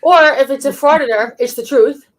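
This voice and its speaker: A woman's voice: high voice, normal speed. Giggly, teasing woman co-host. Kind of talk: casual chat.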